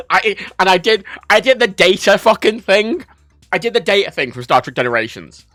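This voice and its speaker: A man from Ireland, chatting casually on a livestream, telling stories in an animated, sweary way. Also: fairly high pitch, a little fast, no room sound, faint music behind. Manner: animated, sweary storytelling, reads chat aloud. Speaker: livestream host.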